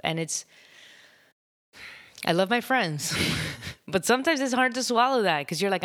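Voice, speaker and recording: A woman's voice: mid-range voice, animated, moderate pace, long pauses, fairly bright tone, no echo, studio quality. A woman in her thirties hosting a casual solo podcast, chatty and full of fillers, laughing often. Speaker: podcast host.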